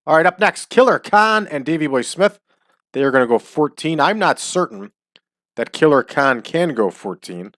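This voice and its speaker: A man's voice: a little high, animated, a bit bright, no echo. Guy chatting through his wrestling booking game, hypes stuff up, dry close sound. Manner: chatty, drawn-out hype calls. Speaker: wrestling sim game host. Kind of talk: casual game commentary.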